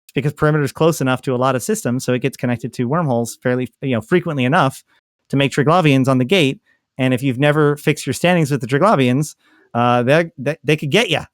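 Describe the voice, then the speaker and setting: A man's voice: mid-range voice, fast, no echo. Man, podcast co-host, casual chat, thinking aloud, dry sound. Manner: thinking aloud, many fillers and restarts.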